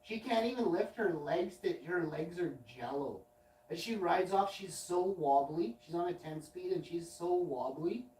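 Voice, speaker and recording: The high-pitched voice has lively intonation and a darkish tone, and the man speaks unhurriedly. As host of a late-night livestream, he tells a long story in a loose, profane way, often interrupting himself. The sound is roomy, with the mic well back.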